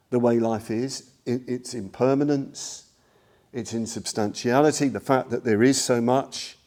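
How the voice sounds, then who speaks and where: A man's voice: medium pitch, warm tone. A man in his sixties who is a Buddhist teacher. He gives a rambling, self-deprecating Dharma talk full of fillers like "you know". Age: 60s.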